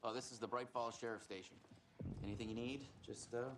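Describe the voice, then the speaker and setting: An actor playing an easygoing small-town male sheriff in a video game, speaking in a folksy, relaxed way. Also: mid-range voice, brisk, a little hiss or hum, lightly acted.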